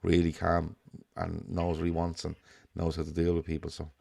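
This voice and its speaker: Gravelly low-voiced Dublin man. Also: monotone, normal speed, dark tone. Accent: Dublin Irish. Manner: swears freely, rambling storytelling. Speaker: co-host of a football fan show. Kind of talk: casual podcast chat.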